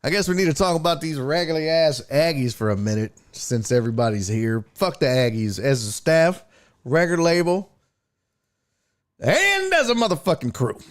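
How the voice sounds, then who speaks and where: Profane, ranting man, fairly high voice. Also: lively intonation, normal speed. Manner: angry, profane, swings between shouting and muttering. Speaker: sports talk streamer. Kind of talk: profane ranting live stream.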